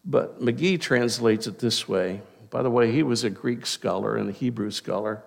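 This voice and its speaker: A man preaching a sermon as a pastor, talking conversationally with frequent restarts and asides, slowing down to stress key words. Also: medium pitch, gravelly.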